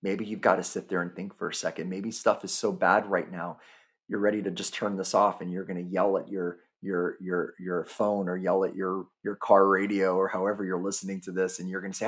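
A man's voice: deep voice, steady tone, moderate pace, slightly rough. A man hosting a podcast, speaking earnestly and directly to the listener in a motivational monologue. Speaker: podcast host.

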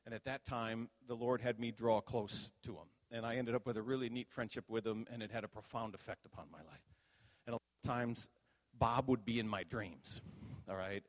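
An older man telling a playful, animated story as a sermon, acting out voices in the telling. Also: medium pitch. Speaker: pastor. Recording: reverberant hall.

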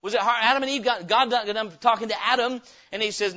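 A pastor preaches with a high, ringing voice in a church. He is emphatic and keeps turning his points into questions for the congregation. The recording sounds dull and lo-fi. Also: fast talker, hardly any pauses, bright, forceful tone. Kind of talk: revival sermon. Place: church sanctuary.

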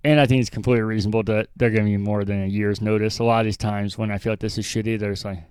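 A young man with a low, smooth voice hosting a relaxed gaming podcast. He thinks out loud and rambles through his points, poking fun at himself. The sound is dry and close. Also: racing, dry recording. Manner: rambling, self-deprecating, thinks aloud. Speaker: podcast host. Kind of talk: casual chat.

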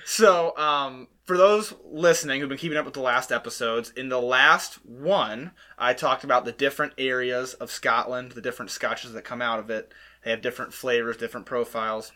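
A man hosts a casual podcast with a bright, clear tone. He talks in an easygoing, chatty way and explains things patiently, with frequent laughs. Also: medium pitch, normal speed. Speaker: podcast host teaching whiskey tasting.

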